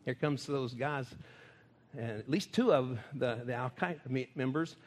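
Folksy Texan preacher in an echoey hall. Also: male voice, medium pitch, normal speed. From Texas. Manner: folksy, laughing, animated storytelling. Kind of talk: sermon storytelling.

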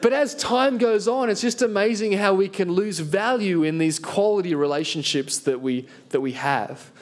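A man preaching a sermon as pastor, earnest and animated, telling a self-deprecating story. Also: sits high, moderate pace.

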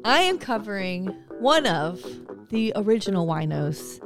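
A woman's voice: medium pitch, sing-song, measured pace, over music. A woman co-hosting a podcast, telling a story in a casual, joking and profane way. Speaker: podcast co-host.

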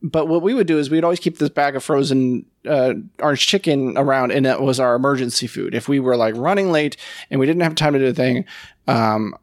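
A man's voice: medium pitch, a little fast, dry recording. Chatty man with a dry close sound. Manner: chatty anecdotal storyteller with filler words. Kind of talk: casual chat.

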